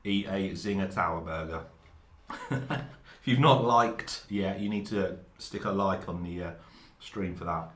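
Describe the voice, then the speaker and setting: Lowish voiced guy chatting on a live stream, munching food, echoey room with faint hiss. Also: a little slow, fairly bright tone. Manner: chatty, jokey, laughing between bites. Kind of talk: casual live stream chat. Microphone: no lav mic, room mic.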